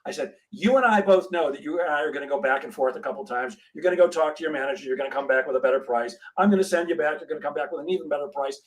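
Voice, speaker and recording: Animated middle-aged man telling a story. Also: on the high side, racing, hardly any pauses, poor audio. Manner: animated storyteller, acts out dialogue. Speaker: sales trainer, guest. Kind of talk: storytelling in a podcast interview.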